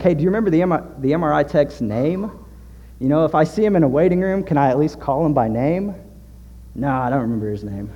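A man from Southern Illinois preaching a sermon, telling a story and acting out the dialogue in lively voices. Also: medium pitch. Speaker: pastor. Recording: dull lo-fi sound with long hall reverb.

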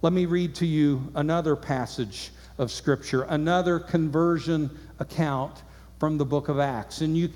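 A man's voice: fairly high pitch, fairly even intonation, unhurried, a little mellow. A man preaching a sermon, reading scripture aloud and asking his listeners earnest rhetorical questions. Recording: long hall reverb.

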